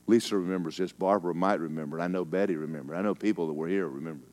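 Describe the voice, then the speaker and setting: A male pastor delivering a sermon, telling stories in a folksy, teasing way, with emphatic stretches and hushed asides. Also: low-pitched, racing, few pauses. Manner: emphatic, storytelling preacher who drops into hushed asides.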